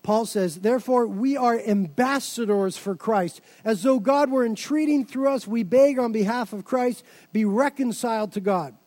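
A man preaching a sermon as a pastor, with emphatic delivery that builds to excited shouts. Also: extremely high pitch, moderate pace, few pauses.

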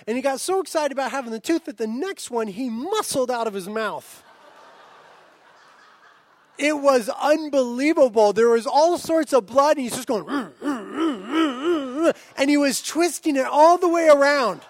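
A man's voice: extremely high pitch, expressive, moderate pace. A man in his thirties preaching a sermon as pastor, earnest and building to fervent emphasis.

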